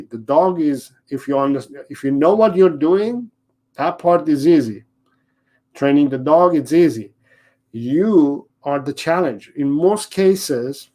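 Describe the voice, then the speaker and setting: Slow, earnest man coaching dog owners. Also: on the high side, a little mellow. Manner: repetitive, acts out owners and dogs in quick asides. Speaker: dog trainer. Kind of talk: live-streamed dog training talk.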